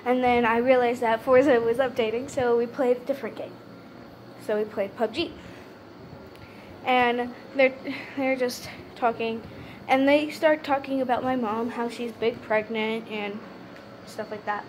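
A young woman with a high voice tells a story to the camera in loose, casual chat. She stutters and restarts often, filling gaps with "um" and "like". A faint hiss of room noise sits behind her. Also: fairly even intonation, measured pace. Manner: stutters, many fillers and restarts. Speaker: vlogger.

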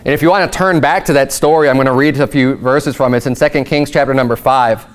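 A male pastor giving a sermon in a conversational, animated storytelling way. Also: mid-range voice, fast, smooth.

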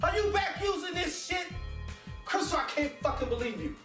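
A man's voice: medium pitch, a little fast, natural voice. A man playing a hot-tempered recovered-addict husband. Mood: furious, shouting. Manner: steady and warm-hearted, fills talk with "you know"; explosive profane yelling when angry. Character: recovered addict husband, counselor running a group home. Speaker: counselor and husband. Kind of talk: film acting. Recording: roomy distant film sound with music score.

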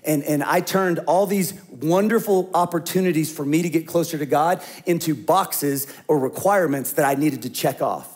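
A middle-aged man preaching a sermon as a pastor, talking conversationally and dropping to a hush when he tells stories. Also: fairly high pitch, normal speed, hardly any pauses.

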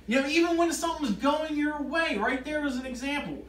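A man's voice: very high voice, fairly quick, a bit bright. A man preaching at an informal Bible study. He reads scripture aloud and grows emphatic as he explains it. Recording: echoey room, voice from far off, faint noise.

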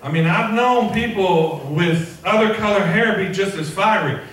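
A pastor preaching an animated, jokey sermon and acting out the voices of others. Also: male voice, sits high, moderate pace. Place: large church sanctuary. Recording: echoey church hall, mic far off, congregation audible.

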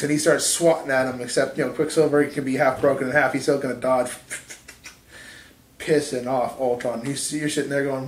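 A man's voice: mid-range voice, little pitch movement, normal speed, slight background noise. Profane, rambling man in an echoey room. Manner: rambling, profane, laughs at his own jokes. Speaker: podcast co-host. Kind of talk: casual storytelling chat.

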